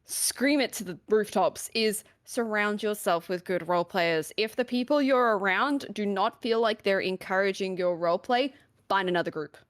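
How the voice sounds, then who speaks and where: A woman's voice: medium pitch, normal speed, no echo. A woman speaking on a video call in a mid-range voice with a dry, close sound. She talks earnestly, pressing her points with emphasis. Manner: earnest, emphatic advice-giving. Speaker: panelist on a roleplay Q&A stream. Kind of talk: casual chat.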